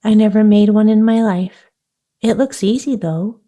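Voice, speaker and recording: A woman voicing a gentle, earnest young girl in a storybook reading, sounding a little plaintive. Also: mid-range voice, fairly even intonation, moderate pace, natural voice.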